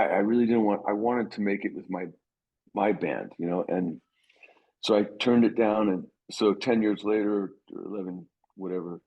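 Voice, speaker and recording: A man's voice: fairly low pitch, lo-fi sound. A middle-aged man, a guitarist being interviewed, telling stories in a rambling way with many restarts and acted-out quotes. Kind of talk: casual interview storytelling.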